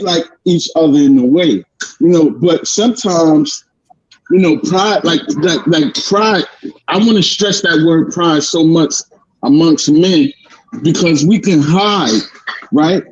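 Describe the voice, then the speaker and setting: A man's voice: fairly high pitch, expressive, slow pace, darkish tone, breathy edge, lo-fi sound. A man chatting heartfelt and conversationally as co-host, with lots of fillers. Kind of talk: casual talk-show chat.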